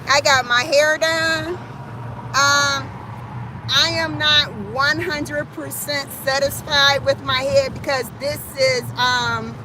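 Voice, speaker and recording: A woman's voice: high-pitched, pushed and bright. A middle-aged woman from Cleveland, Ohio, chatting casually and cursing freely with viewers on a phone livestream from inside a car. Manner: chatty, profane, laughs often, talks to viewers. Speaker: livestream host. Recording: car and wind noise.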